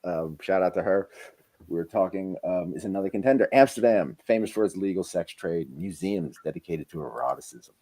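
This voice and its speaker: A man hosting a casual podcast chat, animated and jumping between loud bursts and low mumbles. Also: fairly quick, poor audio. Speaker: podcast host.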